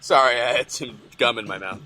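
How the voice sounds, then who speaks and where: A man's voice: medium pitch, brisk, bright, forceful tone. A man giving joking, giggly commentary over a game video.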